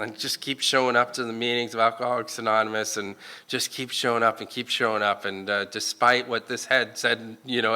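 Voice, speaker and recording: Bright-voiced man sharing his recovery story. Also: mid-range voice, clear, resonant tone. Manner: halting, full of fillers and restarts, with self-mocking laughs. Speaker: speaker at a recovery meeting. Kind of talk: personal recovery story told to a room. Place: meeting room.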